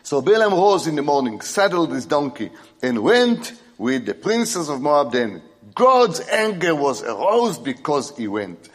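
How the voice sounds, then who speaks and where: Male preacher, slow and emphatic, lively pitch, sermon delivery. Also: husky, big-room sound. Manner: animated, emphatic, swings from loud exclamations to quiet asides.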